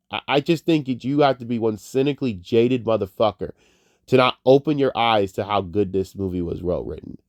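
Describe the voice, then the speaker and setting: A man's voice: lowish voice, a little mellow, dry recording, clean studio sound. Tearful, profane male movie reviewer. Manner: emotional, profane, rambling. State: tearful, crying. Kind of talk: casual spoken movie review.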